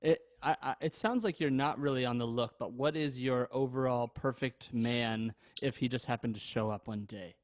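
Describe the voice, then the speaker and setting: A man's voice: mid-range voice, moderate pace, hardly any pauses. A man co-hosting a podcast, chatting in a playful, teasing way. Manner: playful and teasing, laughing often. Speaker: podcast co-host. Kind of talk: casual podcast chat.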